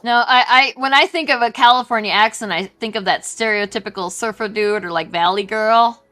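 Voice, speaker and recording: A woman's voice: fairly high pitch, a little fast, pushed and bright, soft background music. A woman with a southern Wisconsin accent, chatting casually and rambling on a livestream as an artist co-host. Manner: chatty, rambling, many restarts.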